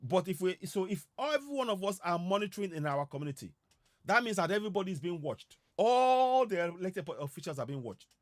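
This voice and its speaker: A man's voice: sits high, very animated, brisk, no echo, studio quality. A man giving an impassioned broadcast address, urging listeners with repeated calls to act. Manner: urgent, repetitive, exhorting. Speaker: political commentator.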